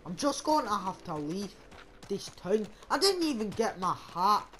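A man's voice: high voice, big pitch swings, moderate pace, a bit bright, slight background noise. A young man putting on a rowdy Scottish outlaw. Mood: rushed. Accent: put-on Scottish. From England. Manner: rough, swaggering, swears a lot. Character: brash foul-mouthed Scottish outlaw man, hot-tempered. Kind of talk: game role-play voiceover.

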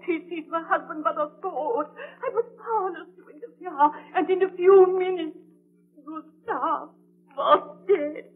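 An actress playing a weeping widow whose husband was just killed, crying and frightened, in a 1930s radio drama. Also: female voice, high voice. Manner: sobbing, frightened. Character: weeping widowed cottage woman. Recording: tinny old 1932 radio broadcast.

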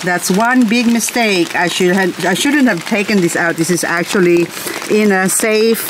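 A woman's voice: mid-range voice, moderate pace, crowd noise, background noise. An Australian woman vlogging casually as she walks around her garden in the rain, rambling and talking to her plants. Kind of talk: casual vlog chat while walking.

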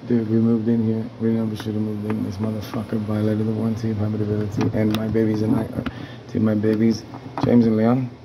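A man in his apartment, ranting with a low, gravelly voice that barely moves in pitch. He is agitated and swears constantly, circling back and repeating himself. A steady hiss of noise sits under the home recording. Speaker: tenant vlogger. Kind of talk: angry rambling rant. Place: apartment indoors.

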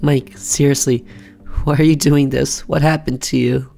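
A man voicing a frightened, pleading wife in a horror game, with his voice pushed up high. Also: flat delivery, measured pace, vocal fry, mellow, faint music behind. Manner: pleading, raised pitch. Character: frightened pleading wife Irma, adult woman.

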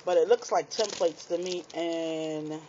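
A woman chatting excitedly to her viewers while unboxing craft supplies in a small apartment, laughing at herself as she goes. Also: on the low side, unhurried, noisy background. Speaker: craft vlogger. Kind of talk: casual unboxing chat to viewers. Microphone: tablet microphone. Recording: dull lo-fi tablet audio.

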